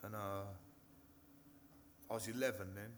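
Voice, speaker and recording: A man's voice: fairly low pitch, steady tone, measured pace, a little hiss or hum. Nervous English man telling his story. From Hertfordshire, England. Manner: nervous, swears often, restarts and filler phrases. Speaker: speaker sharing recovery story. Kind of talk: personal testimony to a live audience. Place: stage in a meeting hall.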